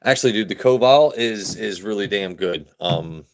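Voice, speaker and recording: A man's voice: on the low side, normal speed. An American man hosting a live stream, joking loosely with his chat and repeating himself as he reads comments. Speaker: livestream host reviewing whiskey.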